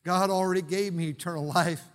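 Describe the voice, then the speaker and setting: An older man, a pastor preaching a sermon in his church, swinging between shouted preaching and quiet, hushed storytelling. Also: high voice, steady tone, brisk, smooth. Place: church sanctuary. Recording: long reverb of a church hall.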